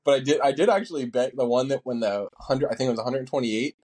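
Dude talking quick and loose on a podcast, recorded on his phone. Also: medium pitch, darkish tone. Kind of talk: casual podcast chat.

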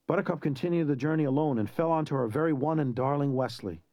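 A man reading a novel aloud in an even, measured storytelling voice. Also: on the high side, no room sound, clean studio sound. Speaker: reader. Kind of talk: audiobook narration.

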